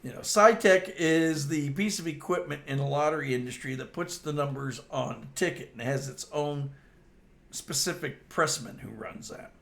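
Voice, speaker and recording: An older man swaps work stories in a casual, unhurried way, and he keeps breaking into laughter at his own antics. His voice sits fairly high and bright, with a gravelly edge and a pitch that swings widely. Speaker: storyteller host. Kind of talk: casual storytelling.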